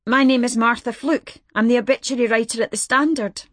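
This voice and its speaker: A woman's voice: on the high side, fairly even intonation, brisk, pitched above the performer's own voice, close to an everyday voice. A woman reading aloud, voicing a nervous young trainee journalist who answers the phone with startled politeness. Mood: flustered. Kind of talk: audiobook reading.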